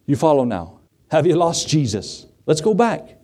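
Pastor preaching with a mellow voice. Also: male voice, on the high side, sing-song, moderate pace, breathy edge. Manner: dramatic voices for quoted figures, rhetorical questions to the congregation. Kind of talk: sermon.

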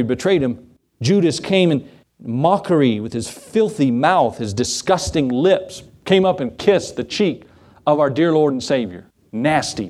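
A middle-aged male pastor preaching a sermon, swinging his pitch and pace as he acts out Bible scenes. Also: darkish tone.

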